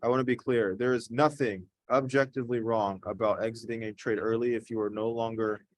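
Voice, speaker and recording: A man hosts a casual voice-call chat, coaching in a blunt, laid-back way with plenty of casual swearing. His voice sits at an ordinary pitch. The sound is close and dry, with no room around it. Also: fairly even intonation, a little fast, no echo. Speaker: host streaming live trades.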